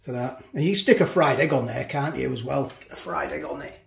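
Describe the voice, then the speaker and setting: A man's voice: mid-range voice, a little fast, creaky, roomy sound, slight background noise. A man casually reviewing food for his vlog, chatting while he eats. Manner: chatty, talks while eating. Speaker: food vlogger.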